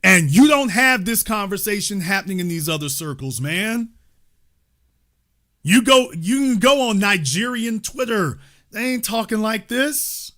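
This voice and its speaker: A male commentator with a high, lively voice that swings all over its range as he drives his points home. He talks emphatically, with mild cursing and an occasional shout, and his tone is bright and forceful. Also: measured pace. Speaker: host. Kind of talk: livestream political commentary.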